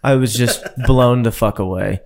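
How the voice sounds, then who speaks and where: Profane, animated male podcast storyteller. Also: medium pitch, moderate pace, vocal fry. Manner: profane, animated, laughs often. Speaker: podcast co-host. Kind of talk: casual storytelling chat.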